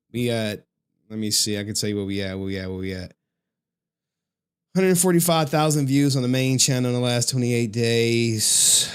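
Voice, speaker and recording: Male streamer, casual and animated, heavy slang and swearing. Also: fairly low pitch, smooth. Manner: animated, profane, slangy storytelling. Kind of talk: casual livestream chat.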